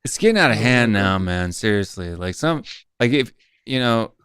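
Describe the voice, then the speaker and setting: A man's voice: on the low side, animated, normal speed, fairly bright tone, clear, resonant tone, no echo, clean studio sound. A middle-aged man hosting a live fan stream, talking bluntly and ranting, with lots of filler words. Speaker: host. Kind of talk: live post-match fan stream chat.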